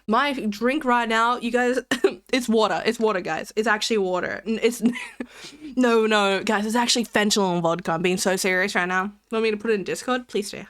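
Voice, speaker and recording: A woman's voice: mid-range voice, moderate pace, fairly bright tone, no echo, clean studio sound. A young woman streamer chatting casually with her chat, rambling and giggling between jokes.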